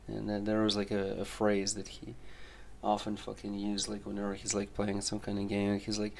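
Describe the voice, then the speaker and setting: A man's voice: lowish voice, completely flat delivery, moderate pace, vocal fry, slight background noise. A man chatting casually and swearing a lot, telling rambling stories full of fillers. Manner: profane, laid-back storytelling full of fillers.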